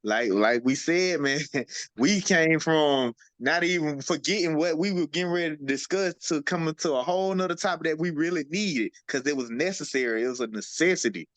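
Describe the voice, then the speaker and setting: A man's voice: on the high side, fairly bright tone, dry recording. A man co-hosting a casual podcast, laid-back and earnest, often saying "you know what I'm saying". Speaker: podcast co-host.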